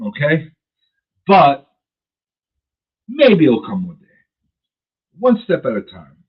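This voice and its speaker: A man's voice: fairly high pitch, slow, breathy edge. A man hosting a radio show in casual chat, rambling and chatty, chewing gum as he talks. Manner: chatty, rambling, animated when riled up. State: chewing gum while talking. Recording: phone-like narrow sound.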